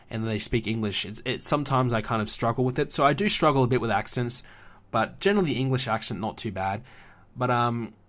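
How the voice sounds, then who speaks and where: A man talking alone on his own podcast in a loose, unscripted way. He rambles, restarts his sentences and fills gaps with "um" and "you know." He gives blunt opinions and throws in a curse word here and there, at an ordinary, mid-range pitch. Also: fairly bright tone. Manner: swears casually. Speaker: podcast host. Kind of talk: casual solo podcast commentary.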